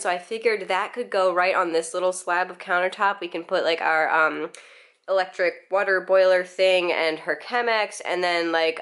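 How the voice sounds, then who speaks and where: A woman's voice: fairly low pitch, a bit bright. A young woman talking casually to her vlog camera in her home kitchen, rambling with fillers and little laughs, and hiccuping now and then. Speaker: vlogger. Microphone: handheld vlogging camera.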